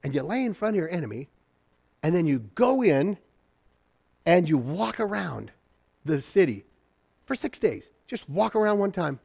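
A male pastor preaching a sermon, animated and acting out the people in his story, swinging between loud exclaiming and quiet, low asides. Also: normal speed, gravelly, pauses often, slightly rough.

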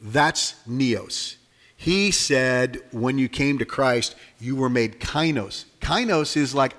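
A man's voice: medium pitch, takes it slowly, a bit bright. An older man preaching a conversational sermon as a pastor, acting out everyday dialogue to make his points. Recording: reverberant hall.

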